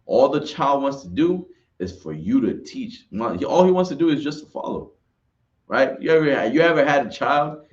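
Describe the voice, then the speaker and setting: A man's voice: medium pitch, lively intonation, moderate pace, muffled recording. A man giving an informal religious class talk, rambling and repeating himself, often asking "right?". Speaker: class speaker.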